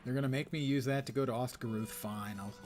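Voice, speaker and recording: A man's voice: mid-range voice, fairly even intonation, fast, noisy background. An older man casually commenting on his gameplay while streaming, chatty and wry, with muttered asides to chat. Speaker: game streamer.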